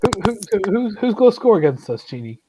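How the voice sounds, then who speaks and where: A man co-hosting a casual football chat, heckling and repeating himself excitedly. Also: high voice, fast talker, noisy background. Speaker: co-host.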